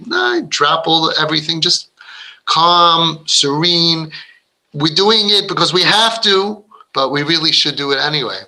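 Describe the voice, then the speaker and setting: A man's voice: fairly high pitch, measured pace, bright, forceful tone, low-quality recording. A man giving an earnest, rambling inspirational talk to parents, often restarting his sentences and acting out what kids and parents say. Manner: acts out quoted voices of kids and parents. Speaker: parenting speaker.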